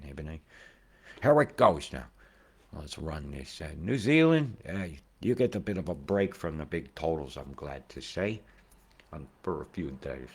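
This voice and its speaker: A man in his forties giving rambling weather commentary over maps, who swears freely and swings from mumbling asides to loud outbursts. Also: extremely low pitch, breathy edge. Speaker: weather video host.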